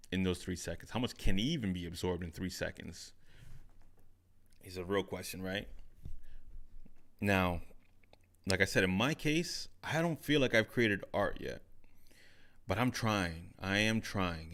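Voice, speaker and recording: A low, gravelly-voiced man talks alone into a studio mic on an overhead stand. His delivery is reflective and loose, circling back with repeated phrases and tag questions. He sounds like a podcast host thinking out loud from his home setup. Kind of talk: solo casual talk. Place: home studio with curtains behind. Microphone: studio microphone on overhead stand.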